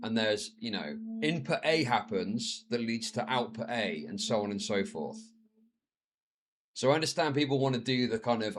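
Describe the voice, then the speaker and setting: A man's voice: expressive, normal speed. Profane man mocking on stream. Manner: profane, mocking, slips into shrill mimicking voices. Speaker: streamer reacting to a video. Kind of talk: casual live-stream commentary.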